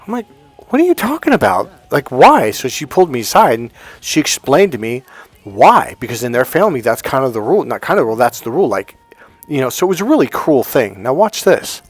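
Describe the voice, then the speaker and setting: A middle-aged man tells a personal story in an animated way, jumping from loud outbursts to low, muttered asides and swearing as he goes. His voice sits at an ordinary pitch. The sound is close and dry, with no room echo. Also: brisk, breathy edge. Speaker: dating coach.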